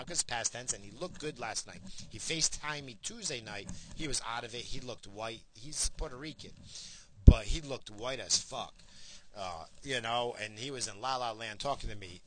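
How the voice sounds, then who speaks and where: A man's voice: mid-range voice, moderate pace, rough recording. An older man telling a story in a casual, profane, rambling way, acting out the people in it as he goes. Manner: profane, rambling, animated retelling with quoted voices.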